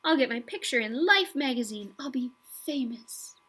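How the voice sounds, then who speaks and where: A stern first-grade teacher from a storybook, barking orders in a loud, lively way, as a woman reader puts her on. Her voice sits high and rings brightly. She sounds brisk and strict with the children. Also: full character voice. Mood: boastful. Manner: exclaiming, bossy, loud and lively.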